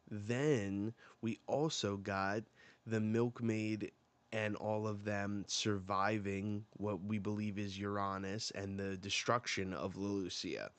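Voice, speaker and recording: A man with a fairly low voice reads and reacts live in an easygoing, rambling way. He fills his talk with "like" and "you know" and throws in the occasional swear word. The talk is loose and unscripted, close to chatting with a friend. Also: no room sound. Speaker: manga reaction host. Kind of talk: casual live reading and reaction.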